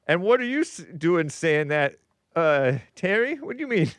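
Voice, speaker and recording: A man's voice: sits high, moderate pace, dry recording, clean studio sound. A man hosting a call-in talk show, reading viewer messages and rambling with frequent restarts. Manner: rambling, animated, with frequent self-interruptions and restarts. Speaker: podcast host. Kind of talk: casual talk show monologue, reading super chats.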